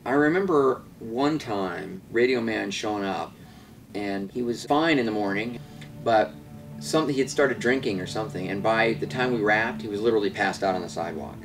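A man recalling a sad memory in an interview, halting over his words. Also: fairly low pitch, gravelly, faint music behind. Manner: halting, saddened recollection. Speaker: film industry interviewee. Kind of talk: reflective interview. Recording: slightly distant mic.

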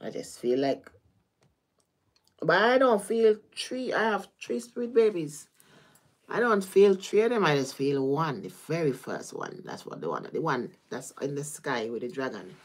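This tarot reader, a woman with a Caribbean accent, keeps her casual livestream reading chatty, full of laughter and drifting subjects. Her voice sits low with a breathy edge, very animated yet at a measured pace.

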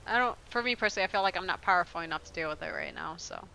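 A woman's voice: on the low side, very animated, very fast, pushed and bright, a little hiss or hum, rough recording. A woman streaming a video game, chatting casually in a rambling, profane way and laughing often. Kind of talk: casual chat while playing a game.

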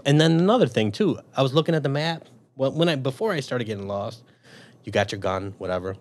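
A man, an army veteran and police officer, telling a long story in a casual interview, swearing freely and acting out what he thought back then. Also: on the low side. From Chicago. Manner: profane, animated storyteller acting out his own past thoughts.

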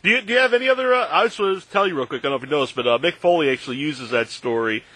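A male interviewer speaks quickly, in a lively, upbeat voice. His tone is bright but a little husky. He mostly gives short replies and then adds a quick follow-up. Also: fairly high pitch. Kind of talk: casual interview.

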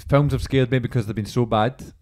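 A man's voice: medium pitch, steady tone, brisk, a little mellow, slight background noise. A Scottish man hosting a podcast in casual chat, talking with frequent hesitations and restarts. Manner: chatty, hesitant, restarts often. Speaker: podcast host.

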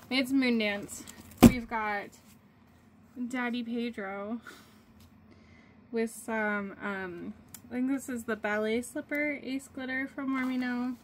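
A woman's voice: on the high side, slight background noise. A woman vlogging casually from her home sewing office, rambling through her craft work with lots of fillers. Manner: rambling, filler-heavy, chatty. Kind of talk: casual chat. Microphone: phone camera.

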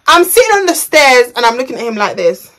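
A woman's voice: fairly high pitch, sing-song, fairly quick, a bit bright. Chatty young woman. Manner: chatty, slangy, rambling. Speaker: vlogger. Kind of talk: storytime vlog.

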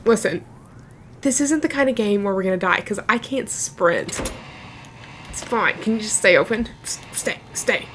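A woman's voice: mid-range voice, lively intonation, normal speed, pauses often, slight background noise. A young woman chatting and reacting as she plays a horror game. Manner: chatty, jumpy, talks to the game. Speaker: gaming YouTuber. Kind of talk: let's play commentary.

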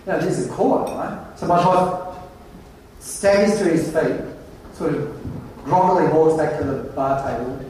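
A man giving a humorous keynote at a conference, telling anecdotes in a wry, animated way. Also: on the high side, normal speed, slight background noise. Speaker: conference presenter. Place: large conference hall. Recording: very echoey hall, distant mic.

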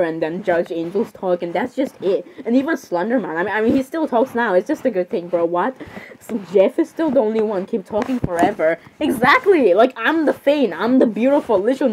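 A woman running a solo role-play, switching quickly between the voices of many characters and giggling often. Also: fairly high pitch, a little hiss or hum.

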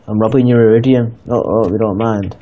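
A man's voice: fairly low pitch, steady tone, a little fast, dull audio, a crowd in the background. A young man casually bantering and swearing while playing a video game. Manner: crude, teasing, swears a lot. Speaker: game commentator.

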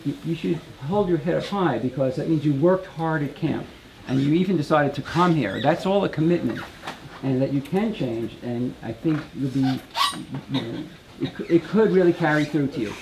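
A man, the camp director, talking informally to campers and telling a story in a relaxed way, with small restarts. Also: fairly high pitch, normal speed, background noise.

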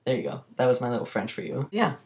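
A man's voice: medium pitch, sing-song, fast talker, creaky, darkish tone. A young man from Canada, chatting casually to his camera at home, rambling and joking with lots of filler words. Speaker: vlogger. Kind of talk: casual vlog chat to camera. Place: bedroom.

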